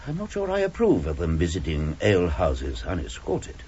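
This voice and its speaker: An actor in a radio drama playing a gallant, fussy elderly English gentleman with a husky voice. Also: sits low, wildly swooping pitch, moderate pace, muffled recording, slight background noise. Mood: dry. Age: older. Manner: courteous, dry and fussy.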